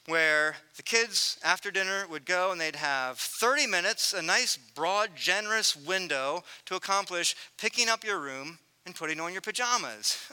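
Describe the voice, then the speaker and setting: A man in his thirties preaching a sermon, telling a family story earnestly and swinging from loud to hushed. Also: sits high, clear, resonant tone. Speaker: pastor.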